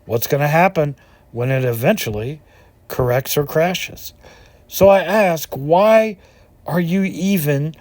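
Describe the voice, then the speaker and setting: A man's voice: fairly high pitch, slow pace, darkish tone, dry recording. A man hosting a finance channel, giving casual commentary over stock charts in an indignant way and asking rhetorical questions.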